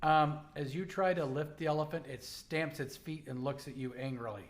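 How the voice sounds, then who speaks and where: A man running a tabletop role-playing game, narrating calmly with frequent ums. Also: fairly high pitch, normal speed. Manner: relaxed, hesitant narration with ums. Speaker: game master.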